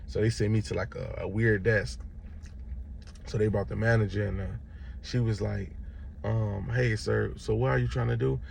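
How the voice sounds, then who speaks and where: Young man, low gravelly voice, casual storyteller doing other people's voices, faint background noise. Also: normal speed. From Chicago, Illinois. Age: young adult. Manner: animated retelling, acts out other voices. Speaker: vlogger.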